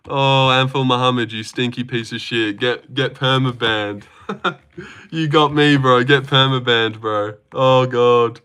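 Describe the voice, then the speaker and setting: A man's voice: medium pitch, steady tone, measured pace, bright, forceful tone, clear, resonant tone. A man hosting a casual livestream, rambling and swearing freely while reading out and answering chat messages. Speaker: livestream host reacting to fights.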